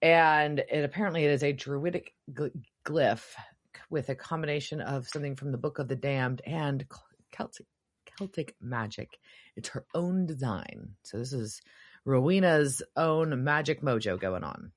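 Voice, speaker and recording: A woman's voice: very deep voice, normal speed. A woman co-hosting a podcast, recapping a TV episode in casual chat and acting out the characters' lines. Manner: animated storytelling, swearing, acting out quotes. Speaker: podcast co-host.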